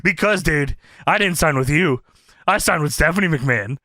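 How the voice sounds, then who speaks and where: A man's voice: a little high, animated, normal speed, bright, forceful tone, no echo, clean studio sound. A man voicing a boastful patriotic masked wrestler who swaggers through his lines and ends them with "brother" and "dude". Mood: cocky.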